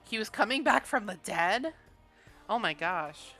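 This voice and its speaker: Chatty woman with a bright voice. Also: medium pitch, expressive, unhurried, soft background music. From Canada. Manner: rambling, chatty, laughs often. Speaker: gaming streamer. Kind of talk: casual chat while building in a video game.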